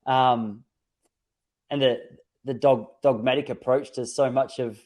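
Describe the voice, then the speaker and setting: Podcast host: man, mellow tone, reflective storyteller, casual chat. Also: mid-range voice, steady tone, measured pace. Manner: reflective, storytelling with many restarts. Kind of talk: casual conversation.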